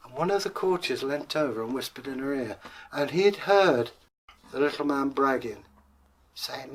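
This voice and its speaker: A man's voice: mid-range voice, expressive, moderate pace, a little hiss or hum. A man telling a fairy tale in a chatty, jokey way as a channel host. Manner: chatty, jokey, conversational asides.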